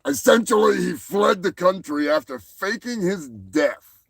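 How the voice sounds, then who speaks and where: A man's voice: sits high, very animated, unhurried, gravelly, a bit bright, no echo, raised voice, rough recording. A male show host giving rambling, profane comedic commentary, often stumbling over and repeating his words.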